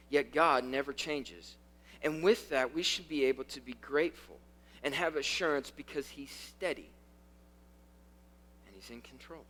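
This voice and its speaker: A youth pastor preaching a conversational sermon, swinging from loud, fast bursts to quiet, slow lines and repeating key phrases for emphasis. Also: male voice, a little high.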